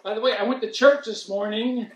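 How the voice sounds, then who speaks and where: A man's voice: high voice, fairly even intonation, brisk. A man doing a rambling, self-mocking stand-up set at a community event. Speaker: stand-up comedian. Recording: roomy hall, mic heard from a distance.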